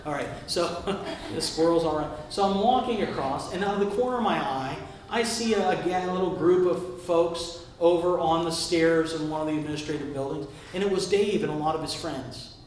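Captured at a distance in a hall with heavy echo, a male pastor delivers a sermon built around a personal story, chatting and asking his congregation questions. He speaks at a normal speed in a slightly high voice, over a little hiss or hum.

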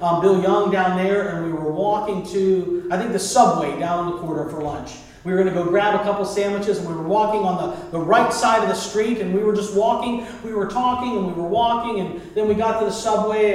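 High-voiced pastor in an echoing sanctuary. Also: male voice. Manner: conversational, calls on the congregation. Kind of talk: sermon. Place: church sanctuary. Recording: very echoey hall, mic far off.

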